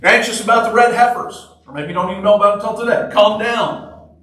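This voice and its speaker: A man's voice: sits high, fast talker, fairly bright tone. A man preaching a sermon in a conversational, joking way, repeating short phrases for emphasis. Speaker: pastor. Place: church sanctuary. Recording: echoey church hall from far off.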